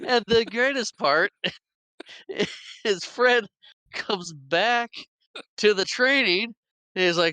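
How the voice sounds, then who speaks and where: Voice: mid-range voice, takes it slowly, pauses often, bright, forceful tone, clean tone, dry recording. A podcast co-host chatting casually about a movie, giggling often and chiming in with fun facts and quoted lines. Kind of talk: casual movie recap chat.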